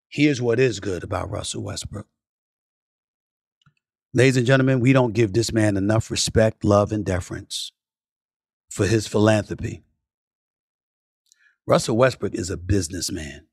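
A man hosting a sports talk podcast, delivering an emphatic commentary monologue that climbs into passionate lists and drops into low, muttered asides. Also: normal speed, long pauses, husky, dry recording, clean studio sound. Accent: New York. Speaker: podcast host.

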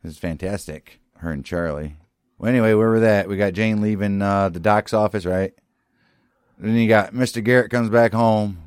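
Male co-host, relaxed recap banter; low pitch, dry close recording. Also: normal speed, clear, resonant tone, dry recording. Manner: laid-back, chimes in with short agreements and profane quotes. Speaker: podcast co-host recapping a TV episode. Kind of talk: casual recap chat.

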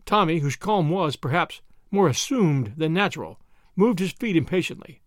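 A man narrating an audiobook in an expressive storytelling manner. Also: a little high, moderate pace, no echo, clean studio sound. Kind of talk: scripted narration.

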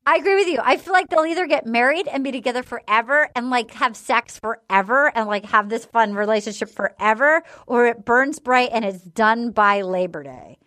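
A woman's voice: a little high, normal speed, few pauses, fairly bright tone, no room sound, clean studio sound. A woman co-hosting a casual podcast, retelling a dating show and acting out quotes in voices. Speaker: podcast co-host.

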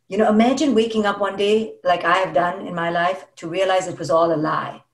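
A woman's voice: fairly low pitch, brisk, recorded from a distance. Emphatic woman speaking from off-mic. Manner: emphatic, repeats words for stress. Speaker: guest speaking on parenting. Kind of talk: conversational podcast talk. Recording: roomy sound, voice off-mic.

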